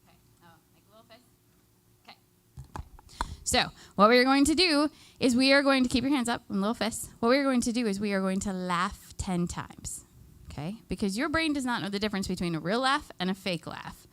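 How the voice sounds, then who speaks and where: Talking fairly quickly in a somewhat high, slightly bright voice, a woman extension educator runs a live workshop for seniors. Upbeat and chatty, she walks the group through exercises with frequent laughter.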